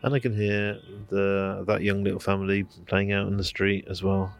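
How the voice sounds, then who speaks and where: A man's voice: deep voice, normal speed, vocal fry, soft background music. A man, recording a casual outdoor audio diary, rambling with lots of fillers and asides. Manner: rambling, relaxed, many fillers. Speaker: podcaster. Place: outdoors at home, near a street. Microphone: handheld recorder on the move.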